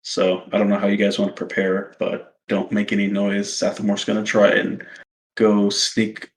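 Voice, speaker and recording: Low voice guy, stumbly, repeats himself while explaining. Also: completely flat delivery. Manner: halting, repeats words. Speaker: player. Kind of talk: casual chat.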